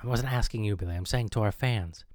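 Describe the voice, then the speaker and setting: A man hosting a comedic mock radio show with deadpan, pompous announcer patter. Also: on the low side, fast talker, no echo, clean studio sound. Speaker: host.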